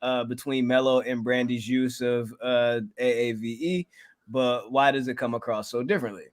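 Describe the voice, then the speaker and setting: A man's voice: medium pitch, steady tone, normal speed, no echo, clean studio sound. A man co-hosting a podcast, reading out listener questions and comments with joking asides in casual chat.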